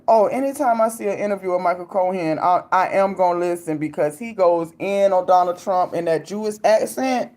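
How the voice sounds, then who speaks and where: A young adult woman with a medium-pitched, darkish voice hosts a casual commentary chat on a livestream, reading viewer comments aloud. She's loose and talkative, laughs often, and uses plenty of slang.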